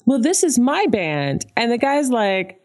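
A woman's voice: on the high side, a little slow. A woman co-hosting a podcast, chatting casually and acting out the lines she quotes, with laughs. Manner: animated, acts out quoted characters with laughs. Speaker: podcast co-host. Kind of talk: casual chat recapping a cartoon episode.

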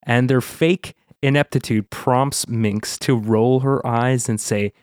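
A man hosting a podcast, recapping a cartoon episode at a quick clip and dropping sarcastic asides in casual chat. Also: medium pitch, fairly even intonation, a little mellow, clean tone, dry recording, clean studio sound. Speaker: podcast host.

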